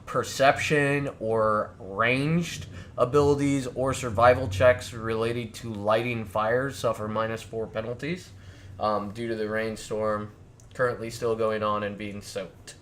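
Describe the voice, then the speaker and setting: A man acting as game master, describing the scene at an unhurried, drawn-out pace and filling gaps with filler sounds. His voice sits at an ordinary pitch, with a faint hum of ambient noise behind it. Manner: relaxed, lots of filler sounds, laughs often. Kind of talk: narrating a tabletop game.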